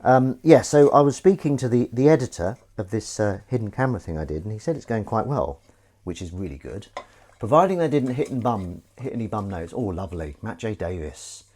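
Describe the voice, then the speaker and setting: With a fairly low, warm voice, lively intonation and a brisk pace, a man chats casually on a live stream. He's washing up in his home kitchen, clinking dishes and pans, while rambling and joking self-deprecatingly.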